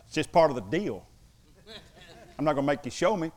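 A man's voice: fairly high pitch, sing-song, brisk, darkish tone. Emphatic preacher man delivering a sermon. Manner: emphatic, with humorous asides. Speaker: pastor.

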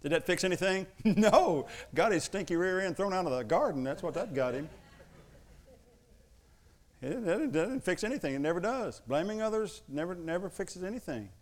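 With a high-pitched, animated voice at a moderate pace, a man preaches a sermon as a pastor. He shares stories from his own life and performs the voices of family members.

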